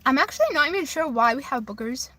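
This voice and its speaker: A woman's voice: high-pitched, expressive, fast talker, sharp tone, no room sound. A woman livestreaming from a phone in her car, casually reading viewer comments aloud and chatting back. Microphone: phone camera.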